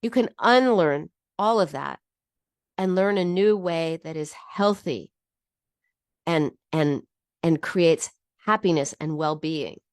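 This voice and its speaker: In a clean studio recording with no room sound, a middle-aged woman from the United States speaks slowly in a low voice with a clean tone. She teaches about binge eating through an earnest, heartfelt personal talk, often restarting sentences.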